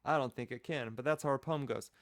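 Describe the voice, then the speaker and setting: A man's voice: medium pitch, fast talker, dry recording, studio quality. A man teaching a children's music class, patiently explaining rhythm step by step and counting off the beat.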